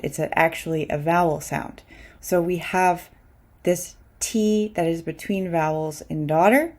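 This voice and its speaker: Woman doing a pronunciation lesson, a bit low voice, careful and clear, says words twice. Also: darkish tone. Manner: clear, deliberate, repeats example words slowly. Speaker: English pronunciation teacher.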